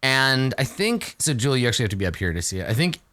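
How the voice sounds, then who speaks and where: A man's voice: medium pitch, big pitch swings, fast, pushed and bright. A man narrating as game master in a tabletop game, loose and chatty with many fillers.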